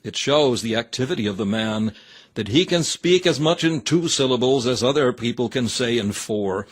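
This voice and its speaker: A man's voice: medium pitch, animated, moderate pace. A man reading a sermon aloud in an earnest, exhorting manner with old-fashioned scriptural phrasing. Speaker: reader of a sermon.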